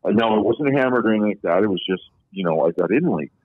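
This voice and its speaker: A man in his forties with a low voice spins long, candid stories in an easygoing way. He sounds like he is on a remote call, with a thin phone-line tone. The sound is dry, with no room around him. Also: lively intonation, racing, no echo. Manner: long-winded, candid storyteller. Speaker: podcast guest, former pro hockey player. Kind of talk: casual anecdotal storytelling.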